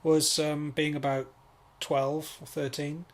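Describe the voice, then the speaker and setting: A man co-hosting a comedy podcast, rambling and self-mocking with halting ums. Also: on the high side, flat delivery. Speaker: podcast co-host. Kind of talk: casual comedy chat.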